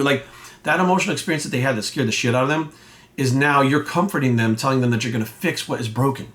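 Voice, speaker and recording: Blunt, swearing fitness coach. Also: male voice, mid-range voice, fast talker, a bit bright. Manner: blunt, swears constantly, acts out quoted voices. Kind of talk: casual rant to camera.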